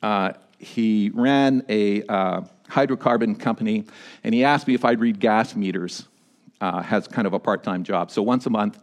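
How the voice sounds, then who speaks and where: A pastor delivering a sermon, swinging between emphatic high points and quieter, low-voiced storytelling. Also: male voice. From Canada. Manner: animated preaching, rising to emphatic peaks and dropping low for stories.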